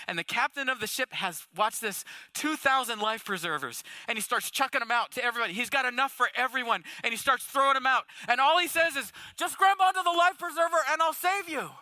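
A man with a very high, sharp and bright voice delivers a sermon. He preaches in an animated, conversational way and keeps throwing rhetorical questions at his listeners. The sound is close and dry. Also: no echo. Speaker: pastor.

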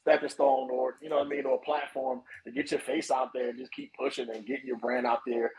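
A man chatting casually as a podcast guest, animated and swearing freely. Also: medium pitch, fast, background noise. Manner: animated, swears casually, acts out quoted voices. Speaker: podcast guest, snake breeder. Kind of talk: casual chat.

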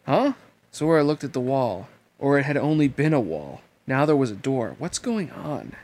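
A man's voice: medium pitch, very animated, normal speed, darkish tone. A man reading a novel aloud and then chatting casually, swearing freely and enthusiastic. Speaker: reader and host.

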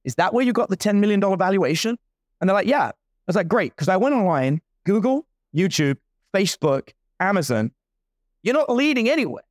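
A man's voice: high-pitched, animated, a little fast, dry recording, clean studio sound. A man in his forties telling a story in casual talk, playing out the other people's lines as he goes. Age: 40s. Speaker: guest entrepreneur.

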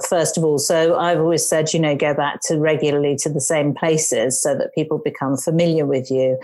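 English woman, slightly low voice, emphatic conversational storyteller. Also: a little mellow. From England. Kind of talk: casual podcast conversation.

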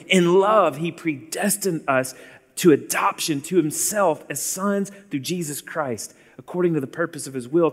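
A man's voice: on the high side, long reverb tail. A man in his forties preaching an earnest sermon, calling his listeners beloved.

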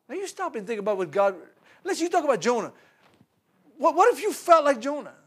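A man's voice: extremely high pitch, fairly quick. A man preaching a sermon, retelling a Bible story with laughter, stumbles and repeated words. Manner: animated storytelling with laughs and repetitions.

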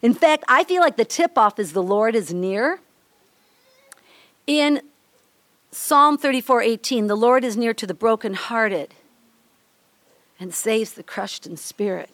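High-voiced chatty Midwestern woman speaker. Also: expressive, a little slow, long pauses, fairly bright tone, dry recording. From Minnesota. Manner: chatty, candid, laughs often, acts out little scenes. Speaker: women's ministry speaker. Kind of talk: devotional teaching talk.

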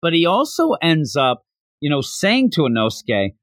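A man's voice: on the high side, moderate pace, no echo. A man hosting a casual chat who talks animatedly and acts out characters as he goes. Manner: animated, acting out characters, laughing. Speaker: podcast host.

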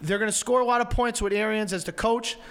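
A man's voice: high voice, fast talker, fairly bright tone, clear, resonant tone. A man co-hosting a sports show, laying out his football rankings in a casual debate. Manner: assertive, lays out rankings point by point.

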